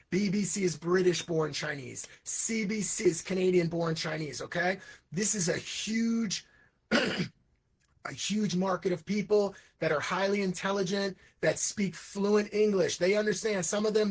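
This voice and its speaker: A man who is an English teacher and founder of an education program, speaking in a live, energetic monologue with frequent asides. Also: high voice, slightly rough. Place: Hong Kong.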